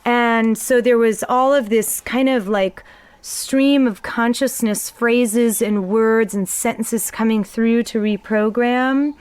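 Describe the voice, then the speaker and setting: Woman, fairly high voice, reflective, spiritual conversation, dry close sound. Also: steady tone, slow, a little mellow, clear, resonant tone, dry recording. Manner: reflective, trails off with ums. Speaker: guest sharing spiritual experiences.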